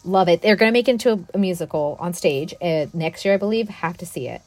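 A woman's voice: lowish voice, animated, fast talker, darkish tone, no echo. Chatty, enthusiastic young woman, dry sound. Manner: chatty, enthusiastic, lots of fillers. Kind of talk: casual chat.

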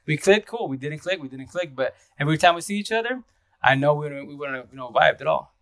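Fast-talking man on a casual live stream. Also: a little high, lively intonation, a bit bright, no room sound. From Seattle area. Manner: fast, rambling talk with restarts. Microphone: phone.

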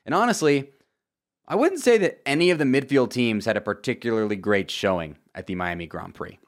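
A young man from Florida giving a casual, joking race recap with lively asides and sudden loud outbursts. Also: medium pitch, fairly quick. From Florida, USA. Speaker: motorsport commentator. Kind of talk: casual video commentary.

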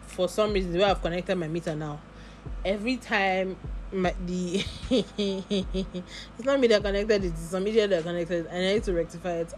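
A woman's voice: medium pitch, a little mellow, slight background noise. A woman with a Nigerian accent, telling a long story in a casual vlog and full of asides and acted-out dialogue. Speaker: vlogger.

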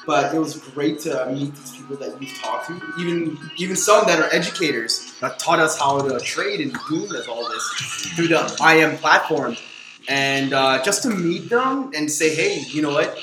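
Man, podcast host, casual and upbeat, talks straight to listeners, roomy echo. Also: on the high side. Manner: upbeat, keeps calling the listeners "guys". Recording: roomy room with loud music behind.

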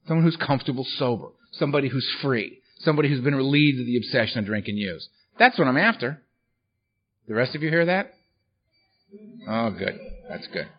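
At a recovery workshop, a male speaker recounts his life in a blunt, profane and funny way. He has a husky, medium-pitched voice and talks animatedly at a fairly quick pace, captured on a dull lo-fi recording.

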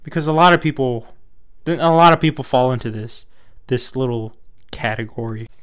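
Smooth-voiced young Texan man rambling. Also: medium pitch, moderate pace, fairly bright tone. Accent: Texas. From Texas. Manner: loose, profane, meandering. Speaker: vlogger. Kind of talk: casual rambling chat to camera.

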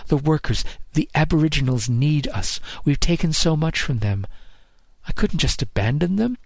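A man's voice: on the high side, expressive, normal speed, vocal fry, darkish tone, no room sound, pitched above the performer's own voice. A man voicing a proud, weary rich mother set in her ways. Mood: pleading.

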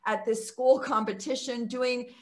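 Older actress guest, chatty storyteller, laughs a lot, video call audio. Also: female voice, fairly high pitch, fairly even intonation, measured pace, a little mellow. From Texas. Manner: chatty, laughs often while telling stories. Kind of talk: casual interview storytelling.

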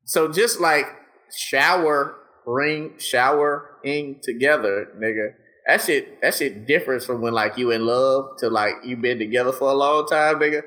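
Laughing, slangy man with a bright tone. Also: mid-range voice, measured pace. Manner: laughing often, slangy and profane, animated storytelling. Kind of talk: casual chat.

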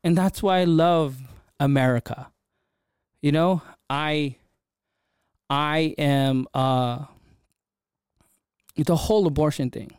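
A man hosting a podcast, telling a story in a casual, animated way and often checking in with his listener. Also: on the high side, takes it slowly, pauses often, clean tone, no room sound, clean studio sound. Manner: animated, chatty, frequent "right?" check-ins. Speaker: podcast host.

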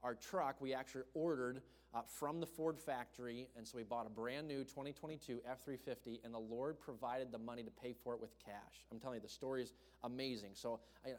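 A young man preaching, telling a personal story in an animated way and acting out the voices of the people in it. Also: mid-range voice, brisk, few pauses. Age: young adult. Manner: animated, acts out voices in his stories. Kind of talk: storytelling sermon. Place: church hall. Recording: long hall reverb.

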